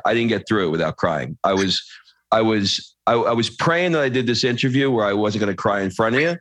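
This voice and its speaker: A man hosting a podcast interview, reading a story aloud and then talking in a lively, casual way, swearing now and then. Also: lowish voice, no room sound. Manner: animated, swears casually, quick asides. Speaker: podcast host.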